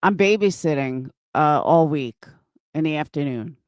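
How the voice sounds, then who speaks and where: A woman's voice: low voice, animated, unhurried, a little mellow, clear, resonant tone, no echo, studio quality. A middle-aged woman chatting casually on a live stream from home, swearing freely and answering viewers by name. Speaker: livestreamer and craft seller.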